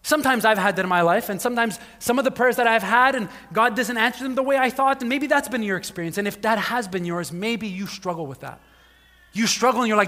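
Animated pastor with a bright, high voice. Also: male voice, a little fast. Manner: animated storytelling, acting out voices, frequent "like". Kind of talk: sermon. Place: church hall. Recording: long hall reverb.

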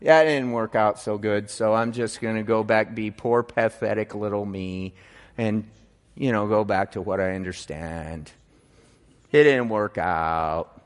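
A man's voice: fairly low pitch, measured pace, voice pushed down, natural voice. A man preaching, briefly voicing a dejected male fisherman disciple who grumbles about himself in a self-pitying way. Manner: mopey, self-deprecating grumbling. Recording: long reverb in a large hall.

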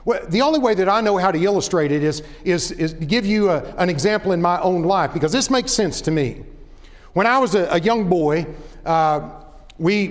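A man preaching a sermon, earnest and deliberate, telling a personal story with frequent restarts. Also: on the high side, long reverb tail.

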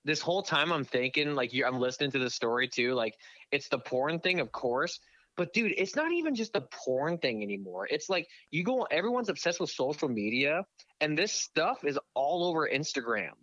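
A man in casual podcast chat, reacting excitably and swearing a lot. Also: a little high, normal speed, dry recording, lo-fi sound.

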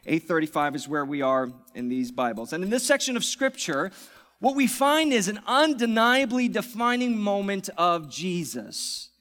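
High-voiced preaching pastor, man. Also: lively intonation, normal speed. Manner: dynamic preaching, swings from loud to hushed. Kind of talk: sermon.

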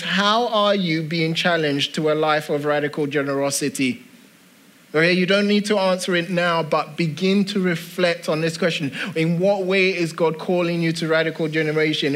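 A man preaching a sermon at an unhurried, measured pace, his voice sitting a touch high for a man. He leans on repeated phrases and puts rhetorical questions to the congregation. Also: a bit bright. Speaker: pastor.

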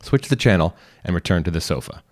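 A man reading a short story aloud in calm, instructional second person. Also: deep voice, fast talker. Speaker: reader. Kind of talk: scripted narration.

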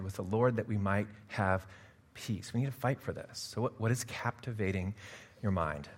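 A male pastor, likely middle-aged, giving a sermon, swinging from quiet, confiding asides to loud, emphatic passages, and laughing at himself now and then. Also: lowish voice, normal speed. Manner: self-deprecating, laughs at himself.

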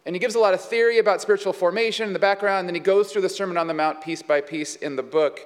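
High-voiced pastor preaching in a hall. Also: male voice, quick pace. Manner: conversational, with many fillers and asides. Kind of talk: sermon.

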